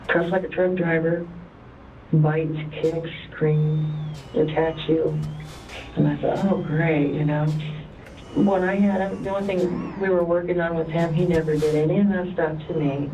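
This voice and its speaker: A woman's voice: sits low, fairly even intonation, measured pace. A woman, a former foster mother, recalling a child in a rambling, conversational way with many fillers. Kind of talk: interview recollection. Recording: distant, dull and lo-fi with faint noise.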